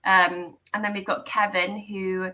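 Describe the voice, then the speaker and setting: A woman's voice: mid-range voice, little pitch movement, a little slow, sharp tone, low-quality recording. A woman hosting a live online Q&A on a video call, friendly, with lots of ums and laughs. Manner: friendly, frequent ums, giggly. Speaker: host.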